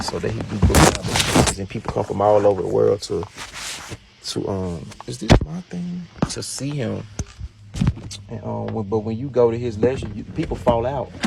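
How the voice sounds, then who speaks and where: Gravelly, profane man ranting casually. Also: normal speed, heavy background noise. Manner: profane, gossipy, breaks into high falsetto singing and mimicry. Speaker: streamer. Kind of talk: casual rant.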